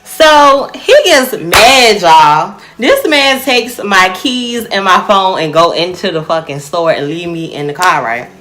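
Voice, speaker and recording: A young woman telling a personal story to her viewers in a casual, animated way, often calling them y'all. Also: fairly low pitch, slow, hardly any pauses, background noise.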